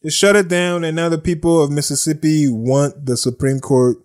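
A man's voice: on the high side, fairly even intonation, moderate pace, a little mellow. A man hosting a podcast, giving blunt, sarcastic casual commentary on news, repeating himself and laughing at his own jokes. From United States. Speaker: podcast host.

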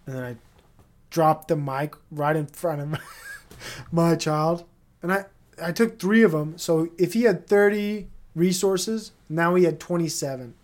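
A man in his thirties delivers a casual solo podcast monologue in a fairly high voice at a measured pace. He's rambling and profane, with lots of fillers and side trips.

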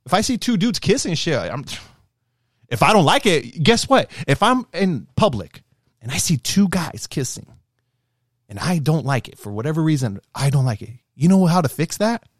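A man in casual, profane podcast talk, ranting in an animated way and swearing often. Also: a little high, moderate pace, dry recording, clean studio sound. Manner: animated, swearing, rising to shouts when worked up. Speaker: podcast co-host.

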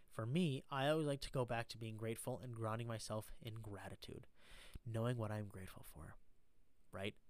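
A man's voice: medium pitch, no room sound. Earnest man giving a rambling pep talk. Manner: earnest, rambling, keeps asking "right?". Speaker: vlogger sharing a mindset talk. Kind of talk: casual motivational monologue. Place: stranded at an airport after a cancelled flight.

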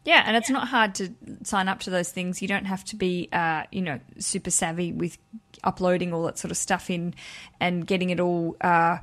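A woman's voice: lowish voice, fairly even intonation, moderate pace, fairly bright tone. A woman hosting a podcast in a casual chat, chatty and bubbly, laughing often. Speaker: podcast host.

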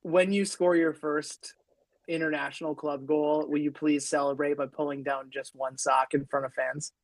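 Wisecracking male podcast host, somewhat higher voice, dead-dry recording. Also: level tone, moderate pace, creaky, no room sound. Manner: joking, teasing banter. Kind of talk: casual interview chat.

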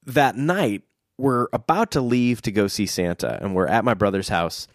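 A man's voice: on the low side, normal speed, no echo, studio quality. A young adult man telling a long family story in casual chat, rambling with fillers and restarts.

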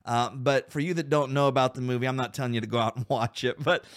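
A man's voice: medium pitch, fairly even intonation, fast. A man hosting a Christian men's podcast, earnestly exhorting listeners with rhetorical questions and calling them guys. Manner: calls listeners guys and men. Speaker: podcast host.

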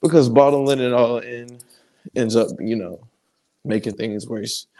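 A man co-hosting a casual podcast while walking around at work, a little winded, reflective, with lots of pauses and light laughs. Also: mid-range voice, mellow. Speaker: podcast co-host.

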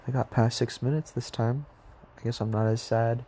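A young man speaking softly and haltingly in a personal diary vlog, tired and sad, sometimes dropping close to a whisper. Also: mid-range voice, steady tone, a little hiss or hum. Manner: soft, hesitant, halting, sometimes near a whisper. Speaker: vlogger.

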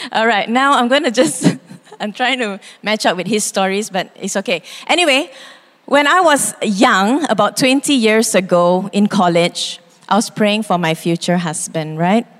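A woman, preaching a sermon as pastor, expressive and quick to act out voices. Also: mid-range voice. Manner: expressive, acts out quoted voices, laughs easily. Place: church hall. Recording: long reverb in a church hall.

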